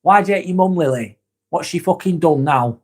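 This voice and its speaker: A man with a voice pitched a little above the usual male range hosts a relaxed live stream. He reads out viewers' comments and answers them bluntly and frankly. He swears constantly and keeps the talk casual. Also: a little fast.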